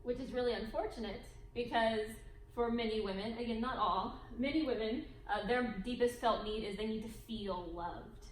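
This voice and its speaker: A wife co-leading a church marriage workshop, explaining in a measured way. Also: female voice, on the high side. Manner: measured, explanatory, with light laughs. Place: church hall. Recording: echoey room with faint noise.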